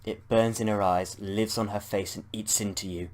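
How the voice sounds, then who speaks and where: British gamer reading a text game. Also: male voice, lowish voice, fairly even intonation, moderate pace. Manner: playful, swears at slip-ups.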